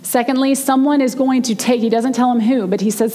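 A woman preaching a sermon, retelling a story in a chatty way and slowing down to stress key words. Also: a little high, fairly even intonation, warm tone, long reverb tail. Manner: conversational storytelling, slows down for emphasis. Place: church sanctuary.

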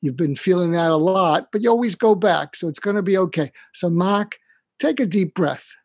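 A man imitating an older male mentor with a Boston accent, who gently presses him with questions and keeps repeating his name. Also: high voice, normal speed, no echo, clean studio sound. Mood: coaxing. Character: older male mentor, warm, coaxing, insistent.

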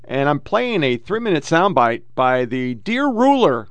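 A man hosting a political podcast. He reads quotes quickly in a mocking tone and swears and heckles between them. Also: a little high, big pitch swings, clean tone, dry recording. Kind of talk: profane political commentary reading quotes.

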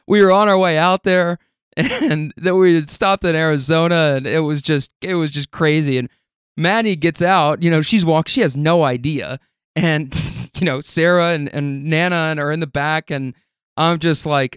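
A man with a slightly high, smooth and resonant voice spins a casual anecdote, rambling through restarts and quick chuckles. The sound is dry and close, with no room around it. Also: no echo.

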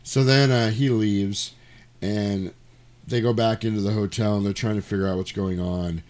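A man with a lowish voice recapping a movie in loose, rambling conversation. He strings the plot together with casual profanity and wisecracks. The tone is relaxed and chatty throughout. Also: normal speed. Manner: rambling, profane, jokey storytelling.

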